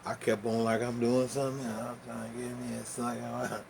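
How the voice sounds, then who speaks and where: A man telling a profane, animated story in casual talk, with laughs and spoken sound effects. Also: medium pitch, normal speed, gravelly, noisy background.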